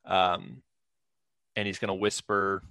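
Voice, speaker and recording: A man's voice: low voice, little pitch movement, slow, gravelly, sharp tone, dry recording. A young man talking as a player in a tabletop game, hesitant with many fillers.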